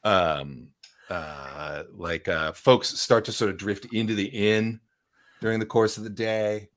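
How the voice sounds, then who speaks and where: Low-voiced, rambling game master. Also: male voice, a little slow, a bit bright. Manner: rambling, lots of fillers and "right?". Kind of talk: narrating a tabletop game.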